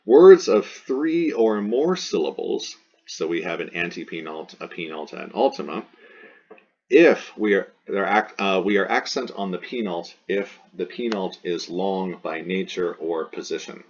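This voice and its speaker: A man with a very low, husky voice teaches a recorded lesson. He is patient and goes over each term and example more than once. The recording sounds dull and lo-fi. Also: lively intonation, a little mellow. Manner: patient, repeats terms and examples slowly. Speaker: Latin teacher.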